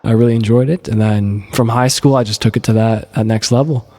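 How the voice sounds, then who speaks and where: A teenage swimmer from Canada with a Canadian accent, giving brief, easygoing answers as a podcast guest. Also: male voice, fairly low pitch, steady tone, fairly quick, mellow, long reverb tail. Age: teens. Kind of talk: casual interview answers.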